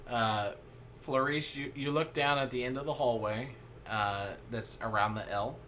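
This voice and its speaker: A man's voice: medium pitch, measured pace, sharp tone, a little hiss or hum. A man running a tabletop game as game master, rambling with fillers and laughing often. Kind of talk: narrating a tabletop game over an online call.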